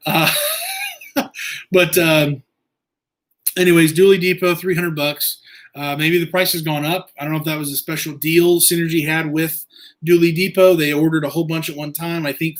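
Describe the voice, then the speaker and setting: A man hosting a casual livestream, answering viewer questions in a rambling, halting way with many fillers. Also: on the high side, fairly bright tone. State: eye irritated from injury. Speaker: livestream host.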